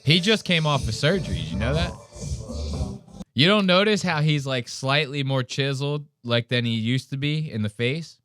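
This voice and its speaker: A man's voice: mid-range voice, lively intonation, moderate pace, a bit bright, dry recording, soft background music. A young man hosting a podcast, joking crudely and full of slang as he reacts to a video. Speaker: podcast host. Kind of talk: casual commentary on a video.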